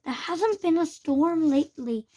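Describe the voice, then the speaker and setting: A woman's voice: sits high, lively intonation, unhurried, dark tone, pitched above the performer's own voice. A woman reading aloud and voicing a timid, earnest boy who mutters worriedly and speaks up hesitantly.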